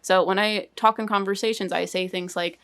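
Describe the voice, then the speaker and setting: A young woman giving an emotional personal life update, halting and full of fillers, trying not to cry. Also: mid-range voice, fairly even intonation, a bit bright. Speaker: channel host.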